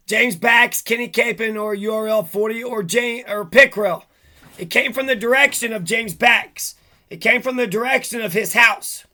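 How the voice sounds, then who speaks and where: High-pitched man in a profane rant. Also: sharp tone. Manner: agitated, profane, rambling rant. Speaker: vlogger. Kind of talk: monologue to camera.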